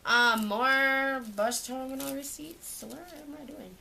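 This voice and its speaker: Chatty young woman, bright voice. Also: high-pitched, slow, gravelly, slight background noise. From Canada. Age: young adult. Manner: chatty, rambling, lots of "like". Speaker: vlogger. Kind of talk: casual show-and-tell vlog. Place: at home, indoors.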